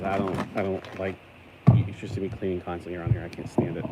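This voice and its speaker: A man with a low, deep voice rambles through a casual toy-collecting vlog, talking to the camera as he cleans a grimy figure. He is self-deprecating and keeps voicing disgust. A faint hum of room ambience sits behind him. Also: level tone, quick pace.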